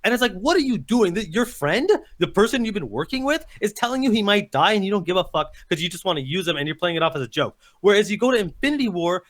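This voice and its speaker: A man with a high voice pours out a heated, swearing rant in a casual podcast debate. He rattles his points off at a quick clip, insistent and fired up. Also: sing-song, a bit bright. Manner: impassioned, profane ranting. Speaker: podcast co-host.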